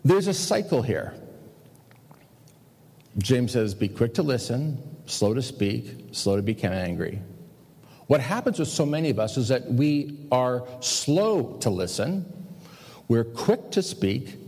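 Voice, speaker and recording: Male pastor giving a chatty sermon, mid pitched voice, long echo from the church hall. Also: sing-song, slow, mellow, husky. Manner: conversational preaching, rhetorical questions, acts out quoted people. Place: church sanctuary.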